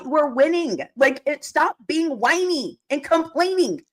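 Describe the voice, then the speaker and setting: A woman hosting a live football recap show, talking as an excited, ranting fan who laughs often. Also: high-pitched, measured pace, few pauses. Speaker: podcast host. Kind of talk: live sports recap chat.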